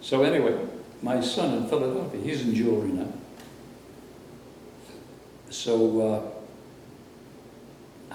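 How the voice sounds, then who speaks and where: An older man from Brooklyn tells rambling stories of his working life in a mellow, relaxed voice. He sits back from the microphone in a very echoey room, and a faint hum lies underneath. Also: medium pitch, distant mic. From Brooklyn, New York. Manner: rambling, anecdotal, conversational. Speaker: interviewee, former radio announcer. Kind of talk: reminiscing interview.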